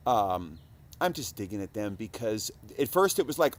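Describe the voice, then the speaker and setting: A man's voice: mid-range voice, lively intonation, fairly quick. Profane rambling man, faint hiss. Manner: profane, swinging from mumbles to loud outbursts. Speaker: speaker recording a monologue. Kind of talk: rambling casual monologue.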